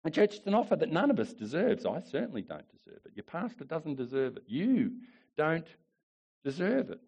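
A male pastor preaching a sermon with emphatic repetition, swinging between rising declarations and quiet asides. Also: on the high side, big pitch swings, moderate pace, creaky, breathy edge. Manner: emphatic preaching, repeats phrases, rises and drops in volume.

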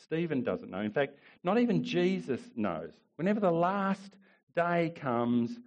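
A male pastor preaching a sermon with emphatic repetition, swinging between rising declarations and quiet asides. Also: fairly high pitch, big pitch swings, unhurried, muffled recording. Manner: emphatic preaching, repeats phrases, rises and drops in volume.

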